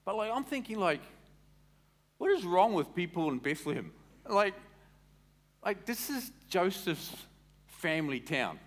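A male pastor delivers a sermon in a conversational, animated style. His voice sits slightly higher than most men's, and he keeps throwing questions at the congregation. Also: measured pace, pauses often.

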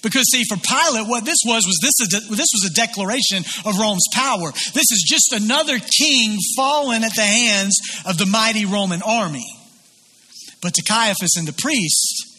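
Preaching at a moderate pace, this pastor has a high voice that sounds pushed and bright. He tells a biblical scene as a story, giving voice to its figures as he quotes them.

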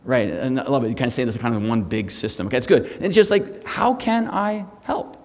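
A middle-aged man, a guest pastor, preaching a sermon with humor, moving between hushed and loud. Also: medium pitch, sing-song, fast, long reverb tail. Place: church sanctuary.

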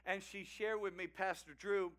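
A male pastor preaching with an animated, emphatic delivery and quick laughing asides. His voice sits high for a man and rings bright and forceful. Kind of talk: sermon.

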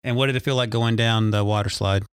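Dry-humored dad hosting a podcast. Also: male voice, fairly low pitch, steady tone, fast talker, slight background noise. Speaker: podcast host interviewing his young sons. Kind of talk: casual family chat.

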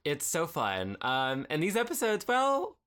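A man's voice: a little high, huge pitch swings, a little slow, a bit bright, clear, resonant tone. A man co-hosting a podcast in a casual chat, easygoing, laughing often and losing his train of thought. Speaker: podcast co-host.

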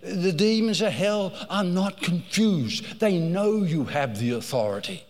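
A man's voice: high-pitched, animated, unhurried, darkish tone, big-room sound. A man preaching a sermon, telling stories with rising emphasis and repeated phrases.

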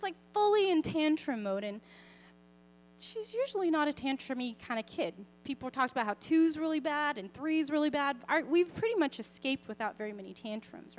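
A woman in her thirties shares a personal testimony in the easy, rambling way of a sermon, full of fillers and asides. Her voice sits high, and she keeps a warm, earnest, conversational tone throughout. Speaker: speaker sharing a testimony.

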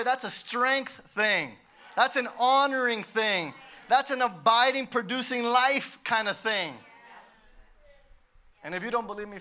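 A male pastor preaching a sermon in an emphatic way, with sudden swells in loudness. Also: sits high.

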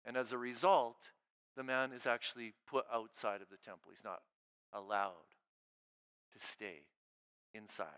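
Bright, crisp-voiced male pastor preaching casually. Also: medium pitch. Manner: informal preaching, frequent "right?" check-ins and repeated restarts; swings between emphatic raised lines and hushed near-murmurs. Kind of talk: conversational sermon.

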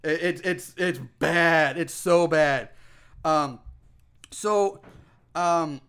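A man with a high, bright voice recaps a movie plot in loose, casual podcast chat. He rambles, swears freely and often restarts his sentences. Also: very slow, clean tone. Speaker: podcast co-host.

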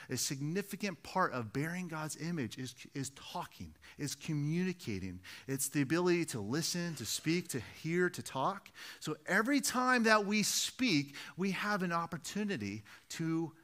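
A man's voice: on the high side, pushed and bright. A man preaching a sermon, earnest and repetitive, driving points home with rhetorical questions. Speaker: pastor.

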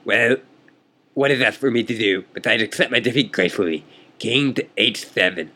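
A man's voice: mid-range voice, moderate pace, bright, forceful tone. A man doing a grumbling, stubborn chess player. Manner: grumbling, dismissive. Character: stubborn sore-losing male chess player.

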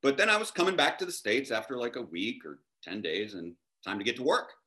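A man's voice: mid-range voice, a little fast. A man, a chef guest, telling a story in casual chat and acting out the voices of the people in it. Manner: animated, acts out dialogue in his anecdotes.

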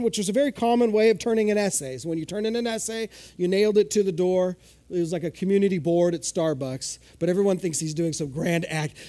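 A man's voice: high-pitched, warm tone. A man preaching a sermon as a pastor in a church, conversational and joking, acting out quotes.

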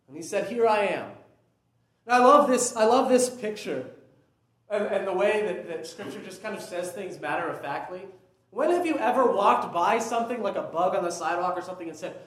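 A man's voice: high-pitched, lively intonation, moderate pace, echoey room. A young man preaching a conversational sermon that builds to emphatic peaks. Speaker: pastor.

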